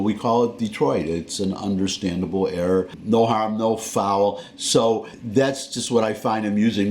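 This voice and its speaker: A man with a Southern American accent talks to camera in a slow, unhurried drawl. His voice sits fairly low, and his folksy talk keeps circling back on itself. A faint hum runs under the recording. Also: darkish tone. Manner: rambling, self-correcting, folksy. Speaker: vlogger. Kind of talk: casual talking-head monologue.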